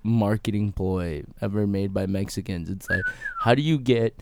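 A young man chatting casually as a podcast guest, telling lively stories and swearing freely. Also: lowish voice, moderate pace, gravelly, noisy background. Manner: animated storyteller, swears freely. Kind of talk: casual chat.

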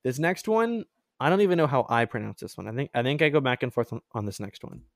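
A man's voice: medium pitch, lively intonation, fast talker, dry recording. Brief: chatty male host, mid-range voice, rambling and laughing, dry close sound. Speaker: podcast host. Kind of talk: casual chat.

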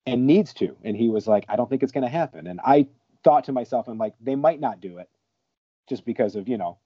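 A man in casual podcast chat, talking excitedly, often stammering and repeating his words. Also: mid-range voice, brisk, breathy edge, no room sound. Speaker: podcast co-host or guest. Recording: dull lo-fi dry recording.

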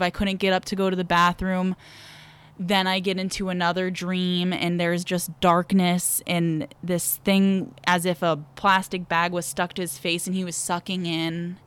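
Woman, podcast guest, candid storytelling, unhurried pace, smooth clear voice. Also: lowish voice. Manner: frank, vivid, holds nothing back.

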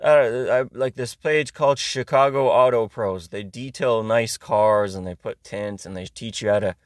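A young man from Iran, his first tongue, hosts a podcast with a loose, ranting comic monologue. He talks sarcastically and swears freely, his pitch sitting in the middle range. The sound is dry and close with no room echo. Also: fairly bright tone. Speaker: podcast host. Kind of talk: casual comedic monologue.

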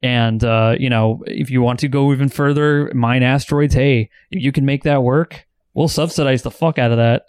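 A man's voice: mid-range voice, fairly even intonation, moderate pace, few pauses, darkish tone, smooth, no room sound, studio quality. A man in a casual podcast chat, laid back and giving short agreements.

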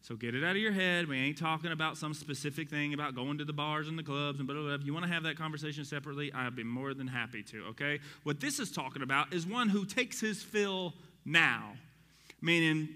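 A man in his thirties preaches to his congregation with a high, very bright voice. He talks in an animated way, dropping joking asides between verses. The sound carries a long reverb from a large hall. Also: brisk. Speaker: pastor. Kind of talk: sermon.

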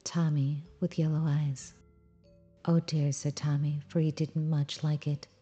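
A woman reading a children's story aloud in a calm, measured storybook style. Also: deep voice, faint music behind.

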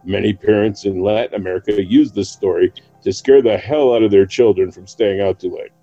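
A man's voice: fairly low pitch, a little fast, dark tone, highs cut off, faint music behind. A man co-hosting a podcast, narrating a folk legend in a casual way with occasional laughs. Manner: reads a legend aloud with light laughs. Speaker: podcast co-host.

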